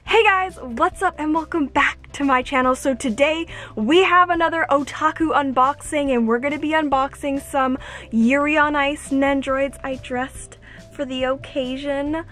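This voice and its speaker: A woman vlogging an unboxing, gushing and squealing with excitement. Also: high voice, moderate pace, soft background music.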